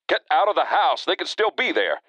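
A man's voice: medium pitch, lively intonation, normal speed, sharp tone, no room sound, voice pushed up. A man voicing an alarmed middle-aged husband on the phone, barking urgent orders.

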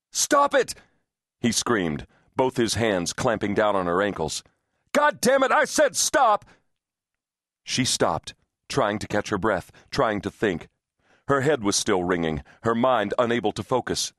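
Low-voiced man narrating a thriller. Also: no echo, clean studio sound. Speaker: audiobook narrator.

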